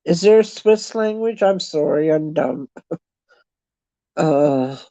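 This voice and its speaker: A Canadian woman in a casual chat, talking in a chatty, self-deprecating way and thinking out loud. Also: deep voice, expressive, slow pace, dry recording. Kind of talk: casual chat with online viewers. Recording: dull lo-fi sound.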